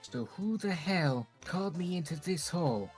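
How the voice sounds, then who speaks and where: A woman's voice: fairly low pitch, expressive, moderate pace, darkish tone, faint music behind, natural voice. A woman voicing a hot-tempered male street thug with a put-on Brooklyn accent, snarling out tough-guy threats in a live fan dub of a game. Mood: aggressive.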